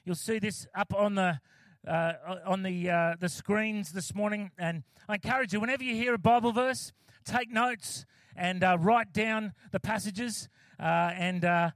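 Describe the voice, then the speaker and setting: A man's voice: high voice, dry recording, clean studio sound. Chatty joking man preaching a sermon. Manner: chatty, joking, with many fillers and restarts. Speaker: pastor. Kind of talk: casual sermon.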